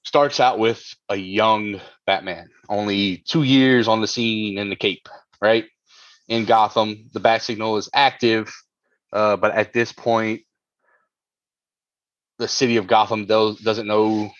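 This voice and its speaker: A man's voice: lowish voice, level tone, measured pace, dry recording, dull audio. A man co-hosting a podcast, chatting casually and rambling with lots of fillers and restarts. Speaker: podcast co-host.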